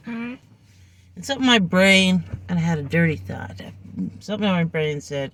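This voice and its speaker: A woman's voice: lowish voice, brisk, a bit bright, a little hiss or hum. A woman telling a personal story in a casual vlog, acting out the people in it, recorded on a phone in her car.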